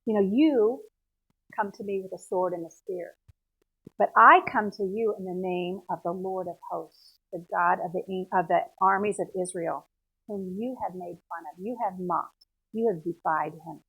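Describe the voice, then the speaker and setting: A woman's voice: lowish voice, normal speed, husky, pitched below the performer's own voice. A woman voicing a brave, devout young shepherd boy speaking with earnest conviction, in a retold Bible story. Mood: solemn. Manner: earnest, indignant. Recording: tinny phone-like sound.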